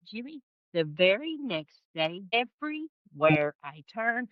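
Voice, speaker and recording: A woman guest telling a personal story in an interview, expressive and emphatic, acting out the voices she quotes. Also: mid-range voice, slow pace, no echo, dull audio. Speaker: podcast guest, spiritual guide. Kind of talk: animated storytelling in conversation.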